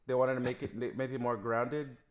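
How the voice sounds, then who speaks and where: A man's voice: mid-range voice, level tone, slight background noise. A man co-hosting a movie review podcast, talking casually with frequent restarts and fillers. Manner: halting, many restarts and fillers. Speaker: podcast co-host.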